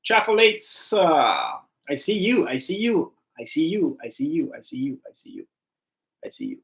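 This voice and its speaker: A man teaching an English grammar class online, animated and repetitive as he coaxes his students to give examples. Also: fairly high pitch, moderate pace, vocal fry.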